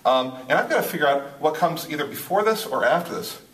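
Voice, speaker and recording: A man's voice: fairly high pitch, animated, fairly quick, a bit bright. A man teaching a poetry lesson at a board, thinking aloud with many restarts and fillers. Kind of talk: whiteboard lesson. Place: room with a board. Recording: roomy, from a distance.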